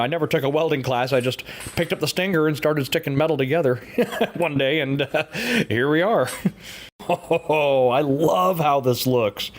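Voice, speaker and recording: A man's voice: a little high, slight background noise. A man casually narrating a bicycle frame build in his workshop, laid-back and chuckling often, with plenty of "uh" fillers. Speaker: hobby frame builder and vlogger.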